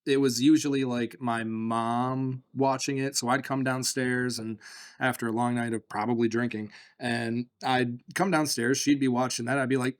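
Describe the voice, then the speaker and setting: A man's voice: mid-range voice, little pitch movement, moderate pace. A man from the Midwest riffing as co-host of a casual podcast. He rambles loosely, swears freely and breaks into laughter often. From Michigan.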